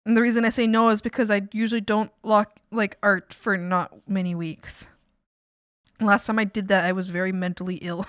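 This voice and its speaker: A woman's voice: medium pitch, dry recording, studio quality. A Canadian woman streamer chatting casually while she draws, laughing often and swearing casually, with some playful scolding.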